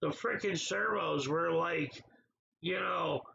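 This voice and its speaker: A man's voice: a little high, slow pace, creaky, bright, forceful tone, dull audio. A man hosting a casual livestream, talking back to viewers in the chat by name in an exasperated way. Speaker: livestream host.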